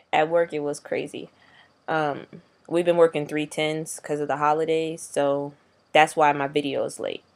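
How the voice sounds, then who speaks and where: A man's voice: on the high side, creaky. A young man vlogging casually, rambling in slangy, profane talk. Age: young adult. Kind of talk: casual video diary.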